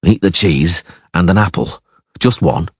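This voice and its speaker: A man reading a fantasy audiobook, voicing a gruff, stern, weary monster hunter who talks curtly and dryly. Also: deep voice, a little slow, dry recording, heavily acted. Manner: stern, dry, curt.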